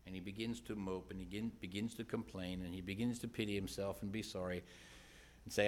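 A man preaching a sermon in church, earnest, moving between loud questions and hushed retelling. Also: deep voice, little pitch movement, a little fast.

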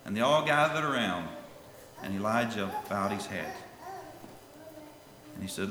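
Dramatic preacher in an echoing hall. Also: male voice, fairly low pitch, expressive, unhurried, pauses often, noisy background. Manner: dramatic, swings between loud calls and hushed lines; reads scripture in King James wording. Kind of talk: sermon. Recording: echoey hall with long reverb.

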